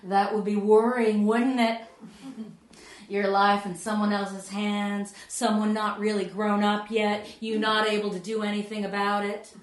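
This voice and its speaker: A woman voicing a calm, grinning young male pilot in a hokey put-on American accent. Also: medium pitch, a little slow, lightly acted. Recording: echoey room.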